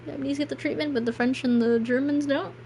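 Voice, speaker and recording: Woman streamer, higher voice, rambling and self-deprecating over a game, faint room noise. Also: steady tone, fast talker, darkish tone. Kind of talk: casual gameplay stream chat.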